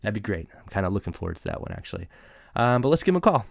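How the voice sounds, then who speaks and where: A man's voice: on the low side, very animated, racing, gravelly. A man in his thirties hosting a podcast, chatty and self-deprecating, joking between topics. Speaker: podcast host. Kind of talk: casual podcast monologue and interview.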